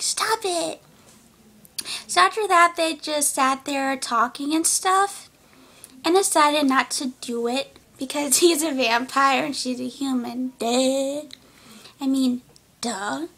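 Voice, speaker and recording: Giggly high-voiced teen girl vlogger. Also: fairly bright tone. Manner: giggly, rambling, lots of "like". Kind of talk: casual movie recap.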